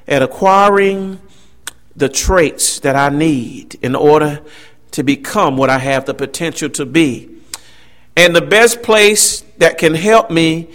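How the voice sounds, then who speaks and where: A preacher man delivers a sermon with a high-pitched, ringing voice. He preaches emphatically, swinging his delivery up and down and tossing asides to the congregation. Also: sharp tone.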